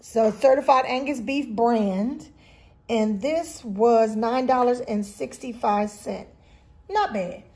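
A woman's voice: fairly high pitch, slow pace, dark tone. A woman hosting a casual grocery haul video at home, chatting straight to her viewers. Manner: chatty, keeps addressing viewers directly. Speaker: vlog host.

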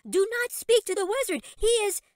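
A man's voice: extremely high pitch, animated, brisk, no room sound, clean studio sound, pitched above the performer's own voice. A man voicing a tiny, fierce female fairy who scolds and warns urgently, in a storybook reading. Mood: urgent warning.

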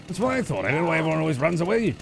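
A man's voice: fairly high pitch, very animated, racing, gravelly. A man playing a police character in a game role-play, talking in a theatrical, mock-polite, comic way over voice chat.

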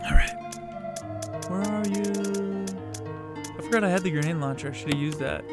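A young man streaming a game, chatting casually with viewers, swearing freely and shouting at the game. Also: fairly high pitch, wildly swooping pitch, rapid-fire, loud music behind the voice. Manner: profane, chatty, outbursts at the game, greets viewers. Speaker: let's play streamer. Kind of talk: casual live-stream gaming commentary.

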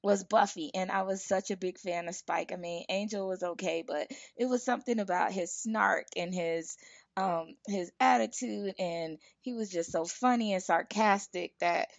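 A woman's voice: medium pitch, moderate pace, vocal fry, no echo. Casting: an eager, enthusiastic woman host, muffled dry recording. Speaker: podcast host. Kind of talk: casual interview chat.

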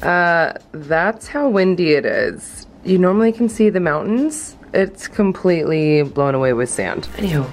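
A woman with a slightly low voice chats playfully to her camera as she cleans and cooks. Her talk is casual and unscripted. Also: animated, a little slow, few pauses, a little hiss or hum. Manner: playful, talks to the camera while doing chores. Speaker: DIY vlogger.

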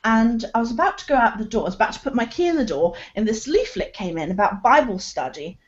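A woman's voice: on the high side, sing-song, fast talker, dull audio. A woman, a podcast guest chatting casually and bluntly, swearing freely and laughing between phrases, heard over a video call. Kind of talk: casual chat.

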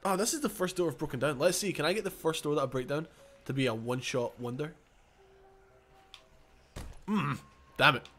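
A man with a fairly high voice talks fast while commenting casually on his own gameplay for his gaming channel. In this let's-play commentary he rambles, corrects himself and keeps chuckling.

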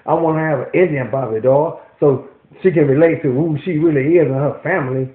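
A man's voice: fairly high pitch, a little fast. Ranting man, profane and worked up. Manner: profane, animated ranting with repeated restarts. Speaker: vlogger. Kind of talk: ranting commentary to camera. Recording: echoey, tinny phone-like audio.

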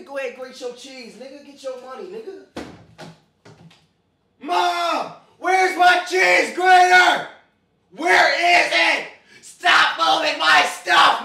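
A young man hosts a mock cooking show from his home kitchen, swaggering and full of slang. His voice sits high and bright. The room is echoey, with a faint hiss under it. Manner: swaggering slang-heavy comic bravado. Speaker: comedic cooking vlogger. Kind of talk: parody cooking video.

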